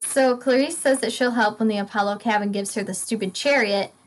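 A woman's voice: on the high side, brisk, poor audio. A woman casually retelling a book's plot in long run-on sentences and laughing often. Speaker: podcast co-host. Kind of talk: casual book recap chat.

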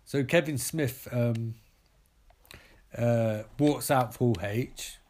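A man's voice: medium pitch, extremely slow, darkish tone, slight background noise. Man, rambling comic storyteller, swearing, faint keyboard typing behind. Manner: profane, rambling, mid-story asides.

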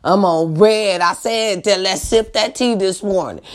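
A woman's voice: mid-range voice, a little slow. A woman vlogger ranting to her viewers in a blunt, profane way, often asking if they understand her. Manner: blunt, profane, keeps asking the audience for agreement. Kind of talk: casual rant to viewers.

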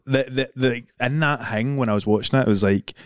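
A man's voice: mid-range voice, a little fast, dry recording, clean studio sound. A young Scottish man co-hosting a podcast, chatting casually and rambling with lots of swearing and fillers. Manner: rambling, swearing, laughing a lot, filler-heavy. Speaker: podcast co-host. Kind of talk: casual chat.

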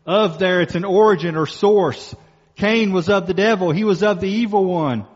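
In an apparent church hall, a male pastor with a slightly high voice gives an emphatic sermon. Key phrases are slowed and repeated for weight. A long reverb trails each phrase, and the sound is a little muffled.

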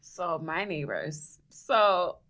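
Blunt woman co-host, lower voice, emphatic and frank. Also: big pitch swings, drawn-out words, fairly bright tone. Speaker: podcast co-host. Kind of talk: casual chat. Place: New York City.

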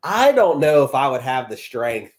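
A man's voice: mid-range voice, very animated, normal speed. A man co-hosting a podcast, rambling through casual chat with lots of fillers and swearing. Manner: rambling, filler-heavy, profane. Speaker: podcast co-host.

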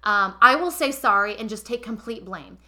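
Casual podcast host, young woman, animated and emotional, talks straight to her audience with a bright edge. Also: mid-range voice, normal speed. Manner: animated, emotional, addresses listeners directly. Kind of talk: casual confessional storytelling.

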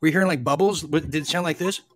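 A man's voice: a little high, racing, crowd noise. A man hosting a call-in show, joking and stammering through casual chat. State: sweating. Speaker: host.

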